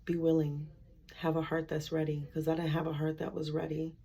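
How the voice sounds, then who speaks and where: A woman speaks in a low register with a breathy, husky edge. She tells her faith story candidly and conversationally, slipping into her own back-and-forth exchanges with God. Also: monotone, a little fast, mellow. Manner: candid, conversational, acts out inner dialogue with God. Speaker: speaker sharing a faith testimony. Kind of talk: personal faith testimony.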